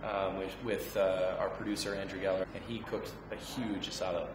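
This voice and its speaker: A man in his thirties, an actor answering interview questions in a friendly, halting way with many fillers and restarts. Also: low-pitched, level tone, over a noisy crowd. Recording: echoey room with background music.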